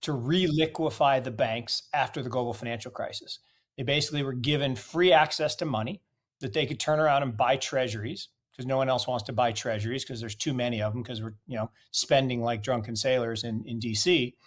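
A man's voice: medium pitch, fairly even intonation, fairly quick. A man giving opinionated market commentary in an interview, emphatic and fond of rhetorical questions. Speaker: guest commentator.

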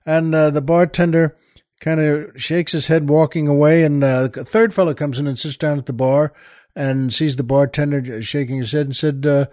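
A man hosts a podcast in a casual, rambling monologue full of fillers and restarts. His voice is a little high and a little mellow, with fairly even intonation and moderate pace. The recording is dry, with clean studio sound.

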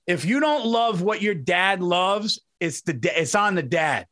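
A man with a somewhat high voice chats on a casual podcast. He tells his anecdotes in a rambling way, repeating himself and looping back as he goes. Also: lively intonation, measured pace, hardly any pauses, fairly bright tone. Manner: rambling, repetitive storytelling. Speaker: podcast co-host. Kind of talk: casual chat.

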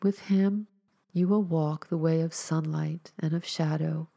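A mysterious male stranger from an old tale, gentle yet quietly commanding, read by a woman storyteller. The voice sits low and gravelly, with slow, solemn phrasing that carries authority. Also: steady tone, heavily acted. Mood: tender.

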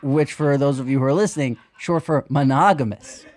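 A man co-hosting a podcast, an animated storyteller who acts out the quotes he retells. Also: mid-range voice, brisk. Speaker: podcast co-host. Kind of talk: casual chat.

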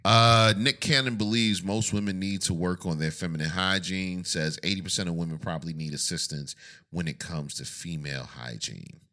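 Male podcast co-host, very low voice with a bright edge, blunt and teasing. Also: fairly even intonation, moderate pace. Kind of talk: casual chat.

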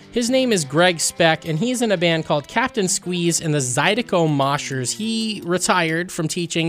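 A man's voice: high-pitched, a bit bright. A man co-hosting a podcast, telling stories in a chatty way and laughing as he goes. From New York. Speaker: podcast co-host. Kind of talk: casual chat.

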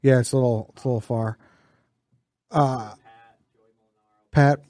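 A man's voice: mid-range voice, steady tone, measured pace, dark tone. A man co-hosting a podcast in casual chat, easygoing, with brief replies and joking asides. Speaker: podcast co-host.

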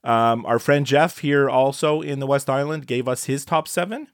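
An excitable man co-hosting a podcast, stumbling and restarting as he talks, laughing along the way. His voice sits at an ordinary middle pitch and is recorded close and dry, with no room sound. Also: moderate pace, dry recording. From Canada. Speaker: podcast co-host. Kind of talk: casual chat.

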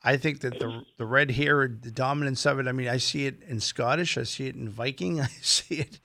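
A man on a radio show talking easily about family history, relaxed and explanatory, laughing now and then. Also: medium pitch, fairly quick, vocal fry, no echo. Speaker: guest genealogist. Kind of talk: radio guest chat.

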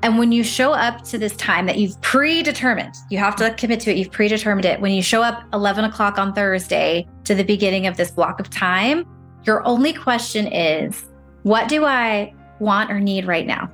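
A woman's voice: medium pitch, moderate pace, fairly bright tone. Encouraging woman coach with faint music. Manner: encouraging, acts out inner voices. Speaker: career break coach, guest. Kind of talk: advice-giving interview talk.

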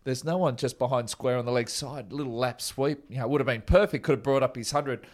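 Relaxed man, forties, yarn-spinning interview guest, mid-pitched voice, easygoing delivery. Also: fairly quick. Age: 40s. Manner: chatty and laid-back, with many restarts. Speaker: former teammate telling stories. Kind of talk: casual anecdotal interview.

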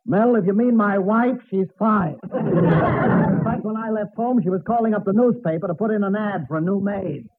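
A man's voice: sits high, normal speed, close to an everyday voice. Male actor as a downtrodden married man cracking jokes; hissy 1940s broadcast. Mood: rueful. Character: Mister Cushing, henpecked lodge president, middle-aged man. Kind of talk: 1940s radio sitcom acting. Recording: tinny old radio broadcast with hiss.

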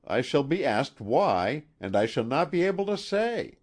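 Guy doing a sulky discharged maid, insistent, higher and louder, storybook voice. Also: very animated, measured pace. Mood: aggrieved. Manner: discontented, insistent. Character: aggrieved discharged lady's maid.

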